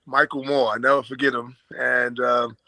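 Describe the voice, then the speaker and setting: An older man with an American accent touched by an Australian twang tells stories as an interview guest. His voice is gravelly yet bright, and his delivery is easygoing and chatty, with fillers and chuckles. The recording is dry and close. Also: medium pitch, flat delivery, normal speed, dry recording, low-quality recording. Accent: American with a slight Australian twang. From Brooklyn, New York. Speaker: guest, former basketball player. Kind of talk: casual storytelling in an interview.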